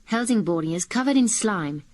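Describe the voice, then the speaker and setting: A blunt, matter-of-fact young girlfriend from a radio comedy, played by a woman. She speaks at an ordinary pitch, and a faint hiss sits behind her. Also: animated, normal speed, darkish tone, close to an everyday voice.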